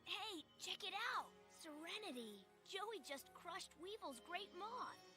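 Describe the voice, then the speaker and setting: A woman's voice: very high-pitched, expressive, takes it slowly, exaggerated voice. An eager cheering teen girl. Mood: excited. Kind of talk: cartoon dub acting. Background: cartoon background music.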